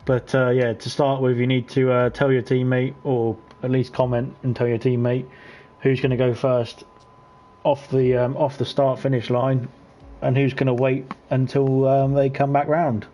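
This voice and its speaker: This is a man hosting a live online racing event. His voice sits at an ordinary mid pitch, and his talk is casual and rambling. He laughs often while calling the action. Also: flat delivery, moderate pace, dark tone. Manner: laughs often while talking, loose and chatty. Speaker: host of an online racing league. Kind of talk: casual live race commentary.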